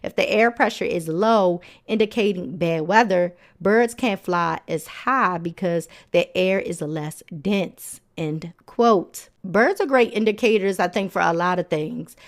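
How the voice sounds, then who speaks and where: A woman's voice: lowish voice, a little slow, few pauses. A woman hosting a nature podcast in casual narration, chatty and playful, with frequent laughs and sassy, colloquial asides. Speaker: podcast host.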